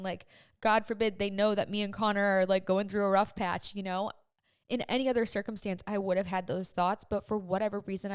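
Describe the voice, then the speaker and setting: A woman's voice: mid-range voice, smooth, no room sound, clean studio sound. A young adult woman hosting a podcast, telling a personal story in an earnest, emotional, chatty way full of "like.". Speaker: podcast host.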